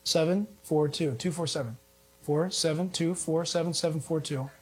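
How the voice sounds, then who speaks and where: A middle-aged male pastor preaching a sermon to a congregation, animated and exhorting, with rhetorical questions and jokes. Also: a little high, moderate pace, slightly rough.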